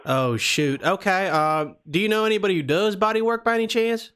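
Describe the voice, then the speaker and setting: A man's voice: sits high, brisk, fairly bright tone, clean tone, pitched above the performer's own voice. A man putting on a rambling Southern caller. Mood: folksy. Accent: American Southern (put on). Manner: rambling, drawling, calls people son and sir. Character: folksy Southern man calling about car repair. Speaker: prank caller.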